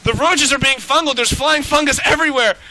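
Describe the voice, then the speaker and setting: A man shoutcasting a live strategy game match, excitable and swearing freely as he calls the action. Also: very high voice, background noise. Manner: excitable, swearing, rapid reactions. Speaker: esports shoutcaster. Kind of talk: live play-by-play game commentary.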